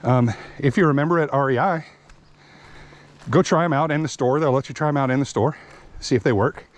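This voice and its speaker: This man's voice is medium-pitched and fairly quick. He's a hiking vlogger on a wooded outdoor trail, somewhat out of breath, chatting about the trail and explaining his gear in a plain, friendly way.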